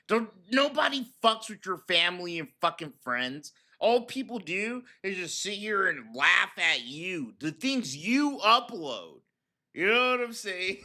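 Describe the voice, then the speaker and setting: A man's voice: high-pitched, sharp tone. A man hosting a reaction stream, mocking a clip in profane, laid-back slang. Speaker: host commentator.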